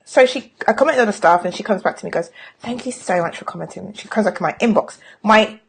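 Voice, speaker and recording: A woman's voice: mid-range voice, fast, gravelly, a little hiss or hum. A middle-aged woman talking casually on a live stream as a sales coach, frank and chatty, with self-mocking jokes.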